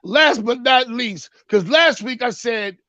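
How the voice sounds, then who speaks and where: A man's voice: very high voice, lively intonation, takes it slowly, bright, forceful tone, dry recording, highs cut off. A man doing a comedic sports rant segment, mocking and punchy, with a repeated catchphrase. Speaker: sports talk segment host.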